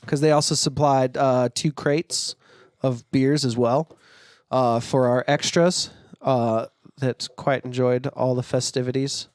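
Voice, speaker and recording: A man's voice: medium pitch, fairly even intonation, measured pace, dry recording, clean studio sound. A man co-hosting a band podcast in casual chat, laid-back and swearing casually, getting over a cough. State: recovering from a cough. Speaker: podcast co-host, band guitarist.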